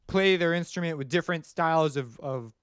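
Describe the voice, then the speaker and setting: A man's voice: fairly high pitch, a little fast, a bit bright, clear, resonant tone, dry recording. Casual man scatting beats, dry close mic. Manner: casual and rambling, scats rhythms aloud. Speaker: music production tutor. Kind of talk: screen-recorded tutorial explanation.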